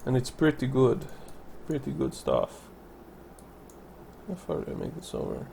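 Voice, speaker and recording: A man's voice: medium pitch, wildly swooping pitch, a little slow, vocal fry, dark tone, a little hiss or hum. A man casually commenting on his city-building game, thinking aloud and correcting himself as he goes. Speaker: let's play commentator.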